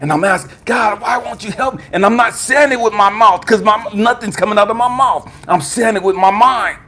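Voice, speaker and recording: A man, a spiritual coach, telling an impassioned testimony, swinging from hushed tones to shouting. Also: high voice, brisk.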